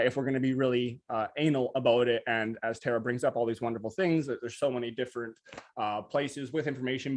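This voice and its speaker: A man co-hosting a casual live stream, talking very fast with many restarts, over a video call. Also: mid-range voice. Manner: very fast talker, restless restarts. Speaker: co-host.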